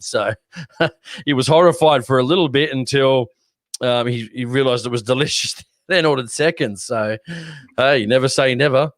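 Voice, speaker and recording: Aussie podcast host, mid voice, dry close mic, rambles and laughs a lot. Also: male voice, mid-range voice, normal speed, no echo. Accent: Australian. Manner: rambling storyteller, laughs often, swears casually. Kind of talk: casual chat.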